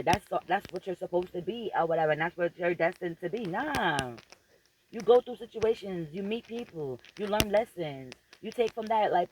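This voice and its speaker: A woman's voice: mid-range voice, noisy background. A woman vlogger giving a profane, emphatic and preachy motivational rant straight to her viewers, repeating phrases for emphasis.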